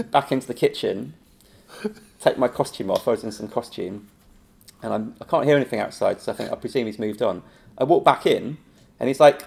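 A man who teaches improv, telling a long anecdote in a relaxed interview. His voice sits mid-range with a gravelly, fry-edged texture. He laughs often and jumps into quoted voices. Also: medium pitch, fairly quick, long pauses. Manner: animated storytelling, laughing often, acting out quotes. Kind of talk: casual anecdotal chat.

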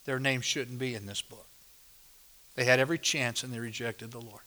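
A man's voice: medium pitch, steady tone, normal speed, pushed and bright. A male pastor preaching a sermon at a church service, emphatic and driving home points by repeating phrases.

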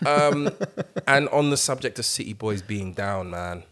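A young man co-hosting a podcast in casual, animated chat, swearing freely and breaking into loud outbursts. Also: fairly low pitch, a little slow. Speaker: podcast co-host.

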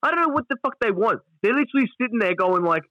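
A man's voice: very high voice, racing, no room sound, dull audio. A man with an Australian accent co-hosting a casual sports podcast, sweary and mocking. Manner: sweary, mocking, mimics players in flat voices. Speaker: podcast co-host.

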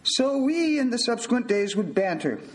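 An older male physician giving a storytelling talk in a measured, wry manner. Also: very high voice, very animated, poor audio.

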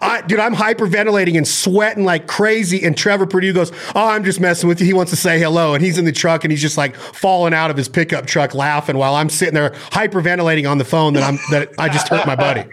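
Casting: a man, a bit high-pitched, spinning an animated story in casual chat, swearing as he goes. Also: quick pace, hardly any pauses.

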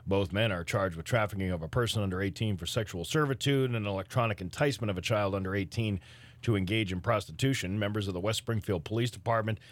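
A man co-hosting a morning radio show, reading news and telling jokes in a jokey, animated way. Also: lowish voice, quick pace, no room sound. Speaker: radio news reader and co-host. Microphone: studio microphone.

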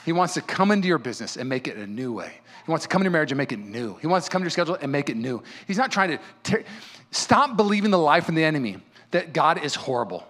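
A male pastor delivers a sermon with fervent, fired-up energy and quick repeats. His voice sits high for a man. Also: sing-song, fairly bright tone.

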